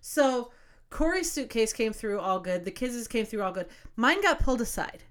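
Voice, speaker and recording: A woman co-hosting a casual podcast spins a long anecdote, acting out her own lines and dropping swear words freely. Her voice sits a little higher than most women's. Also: moderate pace. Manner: animated storyteller, swears freely, acts out what she said. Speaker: podcast co-host. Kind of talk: casual chat, storytelling.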